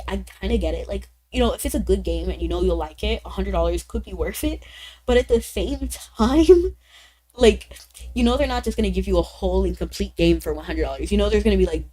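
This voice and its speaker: A woman's voice: medium pitch, mellow. A woman livestreaming and chatting casually with viewers; she is sick and her voice sounds a little off, and she rambles with lots of "like" and small laughs. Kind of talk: casual stream chat reading viewer comments.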